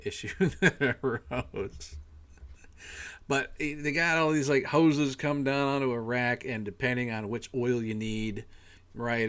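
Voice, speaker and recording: A man ranting in a casual monologue, rambling and exasperated, swearing often and filling pauses with "you know". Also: fairly low pitch, fairly bright tone. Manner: profane, rambling, exasperated, lots of fillers. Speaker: podcast host.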